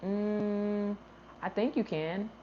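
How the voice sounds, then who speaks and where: On her gardening livestream, a chatty woman answers comments and talks through her thoughts, frequently losing the thread and picking it back up. She draws out her words in a mid-range voice with fairly even intonation, over slightly dull lo-fi audio carrying a faint hiss or hum.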